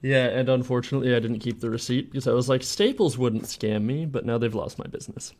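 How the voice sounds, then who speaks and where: A man's voice: medium pitch, level tone, very fast, darkish tone. A man from Canada streaming his game development, muttering to himself in an exasperated, self-mocking way while he works at his computer. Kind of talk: livestream chat while 3D modeling.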